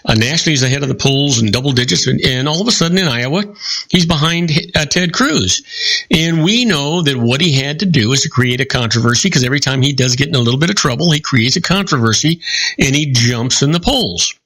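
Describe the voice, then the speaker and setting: A middle-aged man hosting a casual radio talk show, chatting and telling jokes with lively voices. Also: medium pitch, fairly quick, rough recording. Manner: storytelling with lively joke voices.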